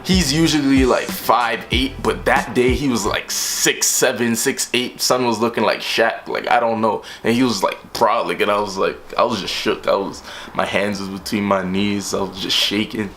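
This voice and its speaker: A young man telling a storytime vlog in an animated way, acting out the voices of the people in his story. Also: lowish voice, normal speed, faint music behind. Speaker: vlogger.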